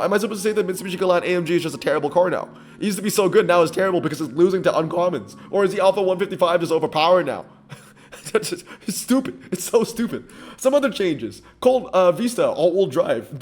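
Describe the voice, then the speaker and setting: Irritated, animated man ranting over faint music. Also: sits high. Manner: irritated, animated ranting with frequent fillers and restarts. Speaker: mobile racing game commentator. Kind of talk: ranting gameplay commentary.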